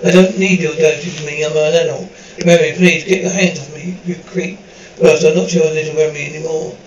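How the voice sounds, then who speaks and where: A man's voice: on the high side, steady tone, normal speed, roomy sound, distant mic, highs cut off, slight background noise, natural voice. Resentful adult daughter, snappy; a man reads it. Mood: exasperated. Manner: exasperated, snapping.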